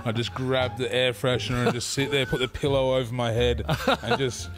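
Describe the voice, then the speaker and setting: A young Australian man, a podcast guest, telling stories in a relaxed, animated way and acting out what others said. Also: medium pitch, brisk. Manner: animated, acts out quotes with laughter. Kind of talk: casual storytelling.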